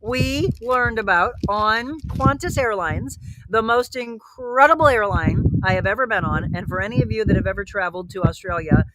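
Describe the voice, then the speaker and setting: A woman's voice: mid-range voice, moderate pace. A woman hosting a wine chat show, talking casually and telling stories with animation. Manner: chatty, animated storyteller. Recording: noisy home recording.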